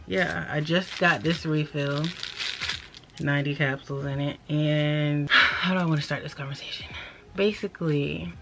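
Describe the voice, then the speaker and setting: Chatty, apologetic young woman vlogging. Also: low voice. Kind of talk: casual talk to camera. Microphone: camera propped up nearby. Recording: noisy home recording.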